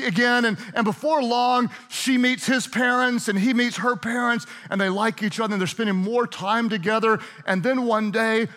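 A man's voice: very high voice, bright, forceful tone. A middle-aged man preaching a sermon, retelling a story in a playful, chatty way and laughing often. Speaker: pastor.

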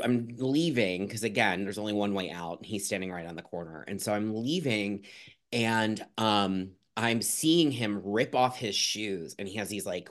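A man guest on a podcast, telling a personal story frankly and with self-deprecating humor, chatty and full of restarts. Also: fairly low pitch.

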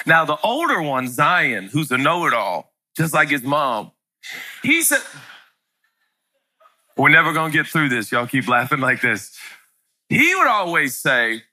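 A man in his forties preaching a sermon to a church congregation, animated and joking as he tells stories. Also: a little high, moderate pace. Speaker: pastor. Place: church sanctuary with live congregation.

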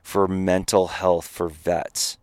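A man, a podcast guest telling an animated story and swearing now and then. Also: sits low, takes it slowly, no room sound, studio quality. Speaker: podcast guest, company founder. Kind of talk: storytelling in a casual interview.

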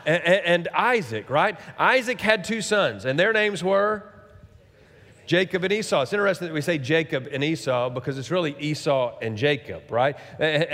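A man's voice: fairly high pitch, a bit bright. A middle-aged man preaching a sermon as pastor, talking conversationally and tossing rhetorical questions and asides at the congregation. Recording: long reverb of a large hall.

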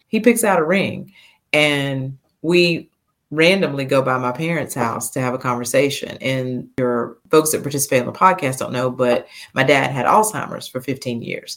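A woman in her fifties, a podcast guest telling a personal story in a heartfelt, animated way, laughing now and then. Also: a bass voice. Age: 50s.

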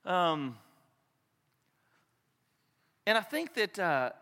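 A man in his thirties preaching a sermon as a pastor, swinging from loud cries to hushed, soft tones. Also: high-pitched, big pitch swings, extremely slow, long reverb tail.

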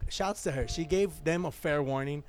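A man's voice: fairly high pitch, moderate pace. A man hosting a podcast in casual chat, joking and crude. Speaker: podcast host.

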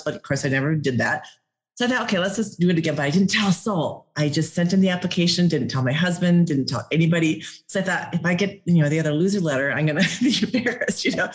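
A middle-aged woman from Minnesota, a podcast guest telling her story in an animated way, laughing often and acting out what she said back then. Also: lowish voice. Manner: animated, laughs often, acts out her own past words.

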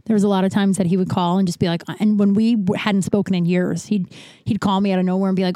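Woman host, warm dark tone, dry close sound, candid swearing monologue with halting restarts. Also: medium pitch, level tone, no echo. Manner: frank and profane, halting with restarts. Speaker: podcast host.

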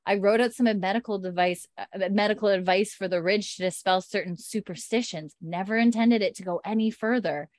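A woman's voice: medium pitch, fairly quick, few pauses, darkish tone, no echo, clean studio sound, natural voice. A woman quoting a composed, practical healer in a plain, explaining voice while recapping a show.

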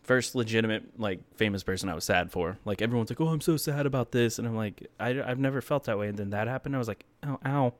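A young man co-hosting a podcast in casual chat, telling stories in a wry, deadpan way. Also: on the low side, fast talker, hardly any pauses, no echo. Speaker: podcast co-host.

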